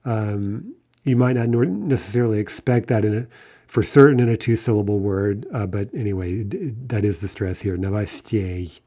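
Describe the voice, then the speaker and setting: A man's voice: fairly low pitch, moderate pace, mellow. A man teaching a recorded language lesson, explaining endings step by step and often checking in with "right?" between examples.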